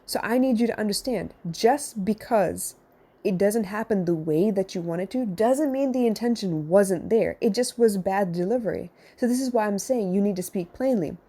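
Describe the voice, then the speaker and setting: A woman's voice: medium pitch, moderate pace, warm tone. A woman counselor hosting a podcast, giving blunt, direct advice to her listeners in a casual monologue with some swearing. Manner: conversational, addressing listeners directly.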